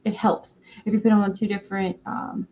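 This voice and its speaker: A tired woman with a North Carolina Southern accent, hosting a casual craft live stream and rambling through her explanations with many fillers and halting words. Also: mid-range voice, flat delivery, highs cut off, slight background noise.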